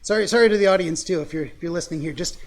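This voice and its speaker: A man's voice: high-pitched, very fast. A man hosting a podcast interview, asking probing follow-up questions with frequent restarts and stammers. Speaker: podcast host interviewing a dreamer. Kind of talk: casual interview.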